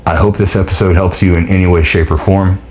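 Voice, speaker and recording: A man hosting his own podcast, speaking in an emotional, heartfelt motivational monologue, halting and restarting as he nears tears. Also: sits low, level tone, noisy background. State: near tears. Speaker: podcast host.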